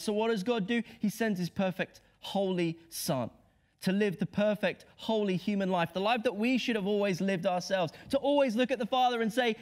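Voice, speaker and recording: A man delivers an impassioned, rhetorical Good Friday sermon at a moderate pace. He drops to hushed lows and rises to emphatic highs.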